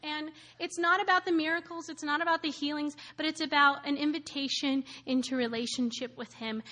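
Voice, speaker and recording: Woman gushing thru a church testimony, bright highish voice, repeats stuff. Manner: enthusiastic, gushing, repeats herself. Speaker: church member sharing a testimony.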